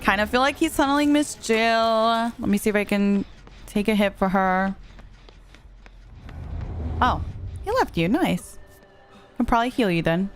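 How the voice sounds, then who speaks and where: A young adult woman streaming a game, chatting casually and telling a story in an animated way, with lots of "like.". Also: on the high side, a little slow, long pauses, soft background music. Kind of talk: casual chat while gaming.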